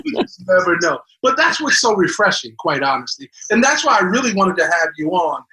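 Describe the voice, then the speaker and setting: A man's voice: high-pitched, very animated, a little fast, sharp tone, low-quality recording. A man hosting a podcast interview, reacting with enthusiasm. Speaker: podcast host.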